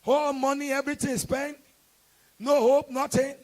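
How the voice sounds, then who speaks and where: A man with a Nigerian accent preaching a sermon at a church service, moving from storytelling into shouted, impassioned declarations. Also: extremely high pitch, level tone, normal speed. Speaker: evangelist preacher.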